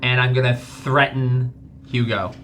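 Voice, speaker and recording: A man's voice: medium pitch, fairly even intonation, unhurried, fairly bright tone, soft background music. A man playing a tabletop game, playful, often laughing and exclaiming. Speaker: player.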